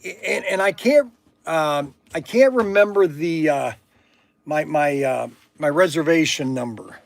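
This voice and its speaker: A man from Ohio, hosting a livestream, talking excitedly and stammering with gushing enthusiasm. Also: a little high, measured pace, gravelly, no room sound. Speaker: livestream host. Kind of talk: casual phone chat. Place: workshop.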